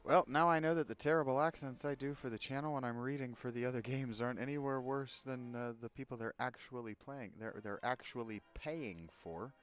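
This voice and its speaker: A man giving casual let's-play commentary, full of sarcastic jokes about what is on screen. His voice sits at an ordinary pitch, with faint game music behind him. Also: a little fast, few pauses, clean tone. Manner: sarcastic, joking asides. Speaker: gaming channel host.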